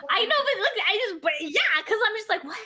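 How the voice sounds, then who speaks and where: A woman co-hosts a casual podcast chat with a high, sharp, very bright voice. Her pitch leaps up and down as she launches into rambling, profane stories. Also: fast talker. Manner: rambling, profane, animated storytelling. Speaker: podcast co-host.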